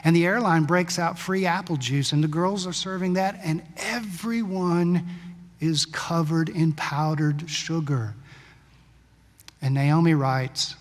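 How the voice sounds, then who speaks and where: Man preaching in a reverberant church. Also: a little high. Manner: conversational storytelling, shifting between brisk and slow, hushed passages. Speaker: pastor. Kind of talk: sermon. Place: church sanctuary. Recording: long church-hall reverb.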